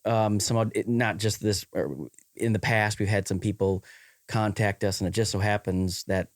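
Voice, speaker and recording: A man with a Wisconsin accent chatting on a podcast, his voice sitting a little low. He rambles, with lots of "um" and restarts. The sound is dry and close, with no room around it. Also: fairly even intonation, normal speed, no echo. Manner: rambling, many fillers and restarts. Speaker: podcast co-host. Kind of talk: casual podcast chat.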